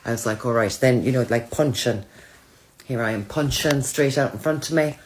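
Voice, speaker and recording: A woman's voice: rumbling low, normal speed, background noise. A woman chatting casually to her followers, telling self-mocking stories. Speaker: social media creator.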